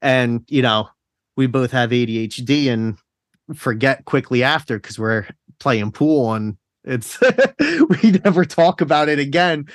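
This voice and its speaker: A man's voice: medium pitch, animated, unhurried, dry recording, studio quality. A man hosting a casual podcast chat, rambling along, laughing often and swearing casually. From South Jersey. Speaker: podcast host.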